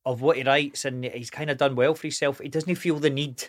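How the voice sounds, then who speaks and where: A Scottish man in casual podcast chat, enthusiastic and quick to agree with the other speaker. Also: mid-range voice, steady tone. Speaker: podcast guest. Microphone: studio microphone.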